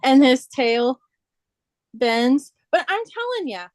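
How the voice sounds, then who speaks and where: An older woman chats over a video call while hosting a sewing night. Her voice sits a bit high and sounds dry and close. She talks like a doting grandmother, easy and rambling. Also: big pitch swings, takes it slowly, a little mellow, no room sound. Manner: chatty, doting grandmother talk. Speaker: host of a live sewing stream. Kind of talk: casual chat.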